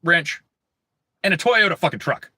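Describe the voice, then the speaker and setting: This livestream host has a fairly high, expressive voice, pushed and bright, at a normal speed. He rambles through a profane, angry rant, crude and riddled with fillers and restarts.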